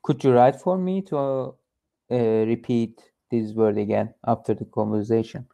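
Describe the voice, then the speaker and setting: Hesitant man with a warm, dark voice. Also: mid-range voice, fairly even intonation, creaky. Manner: hesitant, halting, many fillers while searching for words. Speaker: English learner. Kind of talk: one-on-one English lesson.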